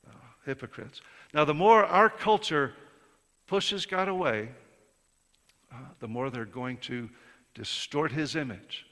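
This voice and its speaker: A man preaching a sermon in a conversational way, rising to emphatic peaks and then dropping soft. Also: on the high side, measured pace. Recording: reverberant hall.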